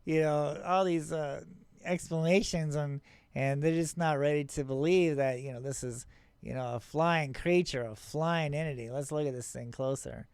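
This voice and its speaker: Excitable high-voiced man talking over footage. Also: normal speed, smooth, no room sound. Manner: excitable, rambling, with many restarts and chuckles; incredulous toward skeptics. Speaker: paranormal channel host. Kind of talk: casual commentary over his own video footage.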